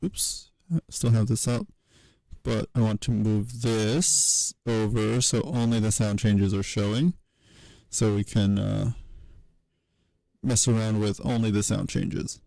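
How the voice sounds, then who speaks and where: A man giving a casual livestream tutorial, thinking aloud at his computer in a halting way, with many fillers and self-corrections. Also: lowish voice, level tone, creaky, mellow, dry recording, rough recording. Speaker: streamer teaching historical linguistics.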